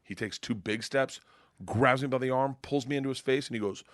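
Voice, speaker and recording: A male comedian guest telling a profane, animated story on a podcast, laughing as he goes. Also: medium pitch, a little fast, no room sound, clean studio sound.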